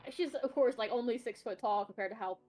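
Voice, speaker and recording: A woman's voice: fairly high pitch, brisk, a little mellow, faint music behind. A woman playing a tabletop game, talking casually with hesitant restarts. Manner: casual, hesitant, with repeated words. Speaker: player.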